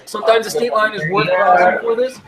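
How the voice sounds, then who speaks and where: Excitable, high-voiced man rambling with laughs. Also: fairly quick, over a noisy crowd, low-quality recording. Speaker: podcast host. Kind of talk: casual chat.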